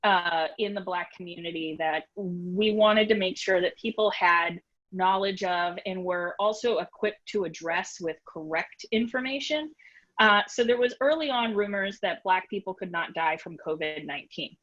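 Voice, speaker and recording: A woman with a Boston accent explains her research on a video-call panel. She talks briskly and tosses in self-deprecating asides. Her fairly low voice comes through muffled, lo-fi call audio. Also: a bit bright. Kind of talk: academic panel discussion.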